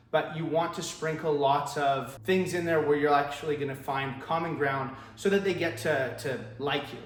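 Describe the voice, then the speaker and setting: A man teaching car salespeople phone skills, talking straight to the viewer in an upbeat way and acting out sample phone greetings. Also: a little high. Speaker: sales trainer. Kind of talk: direct-to-camera sales tips. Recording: echoey room with faint ambience.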